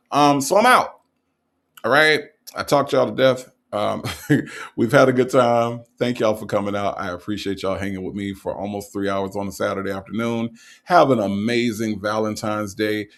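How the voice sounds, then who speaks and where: A man hosting a livestream, chatting casually as he signs off, checking in with "okay?" and repeating slow affirmations. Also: lowish voice. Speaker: livestream host.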